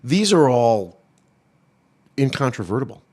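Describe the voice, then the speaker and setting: A man's voice: mid-range voice, very animated, unhurried, darkish tone. A man co-hosting a political talk show, giving opinionated, wry commentary with many restarts. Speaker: co-host of a political radio show.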